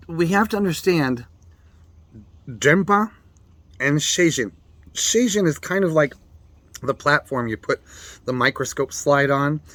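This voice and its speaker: A man's voice: mid-range voice, a bit bright. A middle-aged man giving a blunt, emphatic talk on meditation as a Buddhist teacher. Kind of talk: direct-to-camera daily reflection talk.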